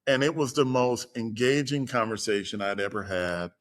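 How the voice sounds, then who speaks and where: A man telling a personal story in a casual chat, acting out the people he quotes with lively shifts in voice. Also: medium pitch, moderate pace. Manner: animated, acts out quoted voices. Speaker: guest storyteller.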